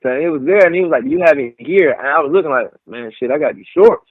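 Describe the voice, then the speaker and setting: Young male guest, animated storyteller, dry lo-fi phone-like sound. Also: fairly high pitch, quick pace, dry recording. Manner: animated storyteller, acts out quotes. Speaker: pro wrestler, guest. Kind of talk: casual storytelling interview. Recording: tinny phone-like line, dry.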